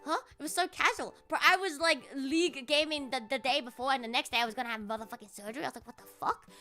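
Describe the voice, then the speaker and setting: A woman's voice: high-pitched, fast, bright, forceful tone, soft background music. A woman streamer telling a story in a casual, rambling, profane way.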